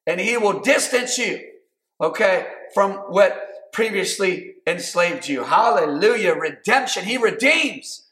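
Male pastor, high voice, preaching with shouted calls, roomy echo. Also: animated, slow. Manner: preaching, rising to shouts, calling on the congregation. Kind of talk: sermon.

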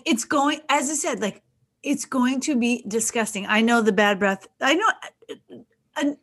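Chatty woman with a higher voice. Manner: chatty, rambling, animated. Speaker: panelist. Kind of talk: casual panel chat.

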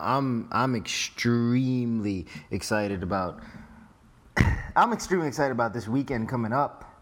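A man's voice: medium pitch, a bit bright. A man co-hosting a podcast, chatting casually and with enthusiasm. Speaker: podcast co-host. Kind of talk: casual chat.

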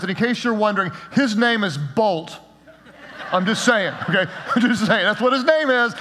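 A male pastor preaching a sermon in an energetic, emphatic way, with a light joking touch, in a church sanctuary. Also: sits high, moderate pace. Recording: long reverb of a large hall.

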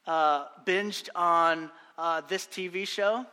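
A man's voice: on the high side, steady tone, takes it slowly, bright, forceful tone, clean tone, in a large hall. A young adult man preaching a sermon, earnest and exhorting, often repeating phrases for emphasis. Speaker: pastor.

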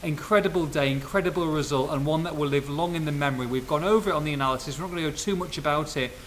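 Chatty higher-voiced man telling stories. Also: rapid-fire, a little hiss or hum. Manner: lively anecdotal storyteller, laughs often. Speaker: podcast host. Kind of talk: casual football podcast chat.

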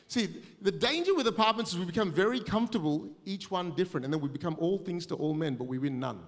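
High-voiced Australian man preaching in a hall. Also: quick pace, hardly any pauses. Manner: energetic, self-mocking storytelling with humor. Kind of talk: sermon.

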